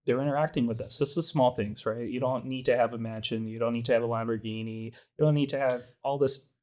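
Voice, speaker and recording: Man, casual podcast chat, easygoing, talkative, mid-pitched. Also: steady tone, fast, dark tone. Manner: easygoing, talkative, says "right?" often. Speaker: podcast co-host, new father.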